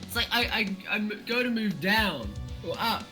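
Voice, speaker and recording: A man's voice: high voice, expressive, moderate pace, bright, forceful tone. Giggly man on voice chat, music behind. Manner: giggly, self-mocking. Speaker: friend on voice chat. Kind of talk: casual gaming stream chat.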